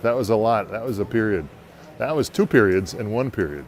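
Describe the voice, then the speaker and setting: A man's voice: lowish voice, lively intonation, brisk, a little hiss or hum. A man doing live play-by-play for an amateur hockey game, folksy and joking between plays.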